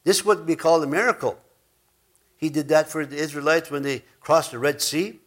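A man's voice: a little high, steady tone, moderate pace. A man teaching from the Bible in an informal, rambling way, often correcting himself and acting out the quoted lines. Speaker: preacher.

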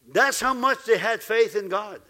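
A man preaching a sermon as pastor, lively, laughing now and then and acting out the voices he quotes. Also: high voice, moderate pace.

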